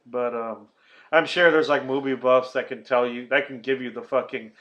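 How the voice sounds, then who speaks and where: A man hosting a podcast in casual chat, swearing often as he retells a film with animated energy. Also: medium pitch, normal speed, highs cut off. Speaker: podcast host.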